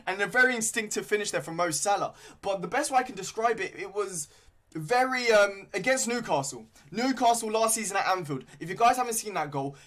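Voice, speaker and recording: A young man giving live, excitable fan commentary on a football match, full of slang and shouting at big moments. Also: sits high. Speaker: fan commentator streaming a watchalong.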